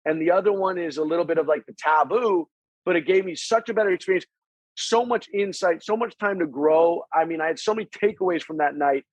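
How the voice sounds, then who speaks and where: Casting note: male podcast guest, fairly high voice, loose rambling storyteller, dry close sound. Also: fairly quick, no echo, dull audio. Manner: rambling, restarts sentences, acts out quoted dialogue; swears casually. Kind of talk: casual conversational storytelling.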